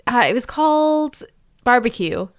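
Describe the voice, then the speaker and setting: A woman's voice: a little high, lively intonation, unhurried. A young woman co-hosting a podcast, leading the segments in playful casual banter and often laughing mid-sentence. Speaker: podcast co-host.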